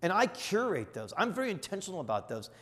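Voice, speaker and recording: A middle-aged man, a bishop, teaching in an earnest, emphatic sermon style that surges to loud exclamations. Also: sits high, sing-song, fast. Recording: long reverb of a large hall.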